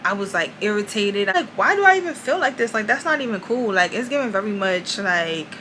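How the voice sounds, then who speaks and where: A young woman talks straight to her viewers in a casual confessional vlog. Her voice is bright and crisp, with "y'all" and "like" scattered all through her talk. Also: mid-range voice, animated, fairly quick, low-quality recording. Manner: chatty, addresses viewers as "y'all", many "like"s. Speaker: vlogger.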